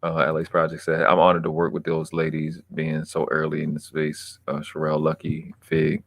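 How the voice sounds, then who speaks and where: Man, young adult, very low voice, casual profane livestream chatter, dry close sound. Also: monotone, normal speed, gravelly, fairly bright tone, no echo. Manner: loose, profane, rambling with restarts. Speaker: livestream host reading chat.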